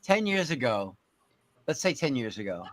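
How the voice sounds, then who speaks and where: A man hosting a casual panel podcast, talking in an animated, profane way and laughing often. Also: medium pitch, moderate pace. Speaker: podcast host.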